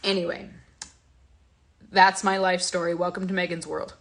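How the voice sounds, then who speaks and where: A woman's voice: fairly low pitch, level tone, normal speed. A young woman hosting a casual vlog, talking in an emotional, confiding way with many fillers and restarts. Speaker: host.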